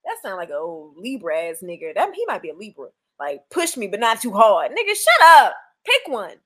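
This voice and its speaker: A woman's voice: mid-range voice, huge pitch swings, fairly quick, sharp tone. A woman co-hosting a casual chat, recapping reality TV bluntly and profanely, with mocking put-on quotes. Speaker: podcast co-host.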